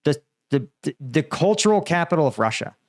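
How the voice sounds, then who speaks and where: Host, young adult man, fairly high voice, sarcastic and animated commentary. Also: brisk, no echo, clean studio sound. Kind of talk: casual political commentary reading posts.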